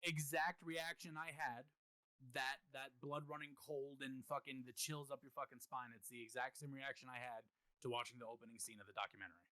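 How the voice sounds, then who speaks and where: Podcast host guy, talks it through earnestly, swears, bright dry voice. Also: medium pitch, fairly even intonation, fairly quick, dry recording, rough recording. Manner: earnest, explains at length, profane, restarts phrases. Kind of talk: casual chat.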